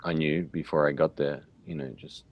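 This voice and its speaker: An Australian man hosting a relaxed, chatty conversation. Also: a bass voice, moderate pace, muffled recording. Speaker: English teacher, host. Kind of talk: casual conversation.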